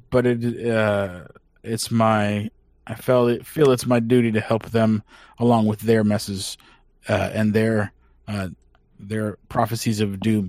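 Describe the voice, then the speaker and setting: A man voicing his character in a tabletop game, speaking haltingly with restarts. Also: on the low side, darkish tone, no echo. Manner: halting, many fillers and restarts. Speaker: player. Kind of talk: in-character tabletop role-play.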